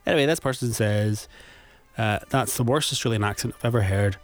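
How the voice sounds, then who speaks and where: A man's voice: lowish voice, fairly quick. A man presenting a radio show, reading out listener messages in a jokey, casual way.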